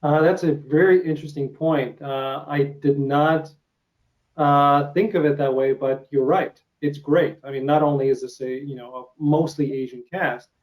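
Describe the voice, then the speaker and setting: A man's voice: on the high side, fairly even intonation, moderate pace, a little mellow, low-quality recording. A man from Ukraine with a Russian accent, hosting an interview in a casual, hesitant way with many uh fillers. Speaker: interview host.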